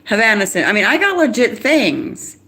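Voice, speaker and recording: A middle-aged woman from the United States talking in a rambling live-stream monologue, agitated and quick, restarting sentences and laughing. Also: on the high side, big pitch swings, sharp tone. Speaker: livestreamer.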